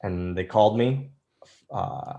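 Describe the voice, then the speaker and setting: A man in his thirties speaks in a fairly low voice, recounting his career in a relaxed interview. He tells it as anecdotes, slipping into quoted lines from the people involved. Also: takes it slowly, dull audio. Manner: animated storyteller, acts out quoted lines. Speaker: interview guest, former wrestler. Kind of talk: casual storytelling interview.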